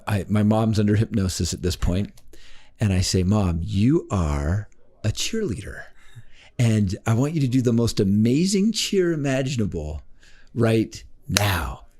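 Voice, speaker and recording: Man, podcast guest, life coach, storytelling, somewhat low voice, very animated pitch. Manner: animated, acts out quoted voices with big pitch jumps.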